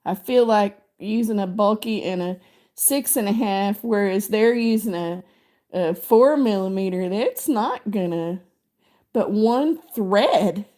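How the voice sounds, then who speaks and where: Slow, rambling woman crochet host. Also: mid-range voice, warm tone. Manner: rambling and chatty, many fillers, reads pattern text aloud. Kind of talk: casual chat while crocheting live.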